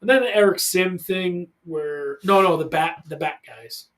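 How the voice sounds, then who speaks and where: Man, 40s, podcast host, casual chat, animated storyteller, slightly high voice, studio. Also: measured pace. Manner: animated storyteller, loud when acting out quotes.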